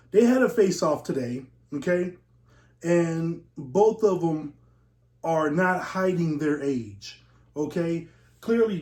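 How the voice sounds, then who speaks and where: A man's voice: a little high, a little mellow, reverberant. A man from West Texas, hosting a casual vlog and rambling from topic to topic as he talks to viewers. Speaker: show host. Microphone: camera mic.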